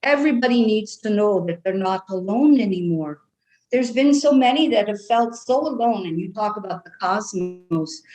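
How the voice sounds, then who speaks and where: A woman speaking as a trance channel with an Irish brogue, talking slowly and soothingly for a group of guides. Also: mid-range voice, a little mellow, rough recording.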